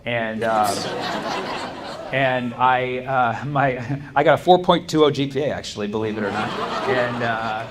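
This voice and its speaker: A man's voice: mid-range voice, measured pace. A man doing a stand-up set, telling stories in a loose, rambling way with lots of fillers and restarts. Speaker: stand-up comedian. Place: comedy club stage. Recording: live club recording with steady background noise. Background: audience ambience.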